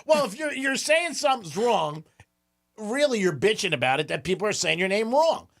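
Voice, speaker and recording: A man's voice: sits high, very animated, normal speed, vocal fry, fairly bright tone. A man co-hosting a radio show, blunt and grumbling with wisecracks. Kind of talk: casual radio banter.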